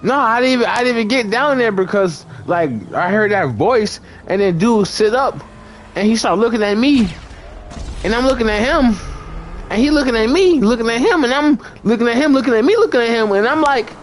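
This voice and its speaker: A young man in voice chat, rambling through a profane story full of "like" and restarts, acting out lines with shouts. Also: very high-pitched, expressive, brisk, a little hiss or hum. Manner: acts out quoted lines, shouting and laughing. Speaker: gamer in voice chat.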